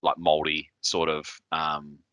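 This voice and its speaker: Very deep-voiced man with a New Zealand accent. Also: completely flat delivery, unhurried, no echo, muffled recording. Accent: Southern New Zealand. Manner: hesitant, many fillers and restarts. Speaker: podcast host. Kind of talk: casual chat.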